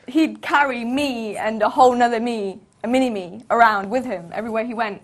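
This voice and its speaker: A woman co-hosting a relaxed chat about a Bible story, her voice sitting a little high for a woman. She breaks into small laughs often between phrases. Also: a little fast, few pauses. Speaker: co-host. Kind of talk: casual Bible discussion.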